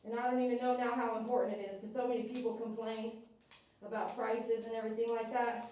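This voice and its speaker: A woman groomer talks a dog through its grooming, gentle and coaxing, often repeating herself. Her voice sits a bit high. It is recorded from a distance in a very echoey grooming room, with faint clipper buzz behind her. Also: little pitch movement, fast, slight background noise. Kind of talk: casual talk while grooming a dog.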